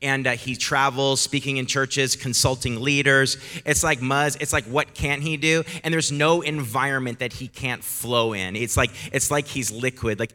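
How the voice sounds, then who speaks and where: A man hosting a church service, introducing the guest speaker in a casual, repeating way. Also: mid-range voice. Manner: warm, casual, repeats words. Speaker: church host. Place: church hall. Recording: long hall reverb with faint music.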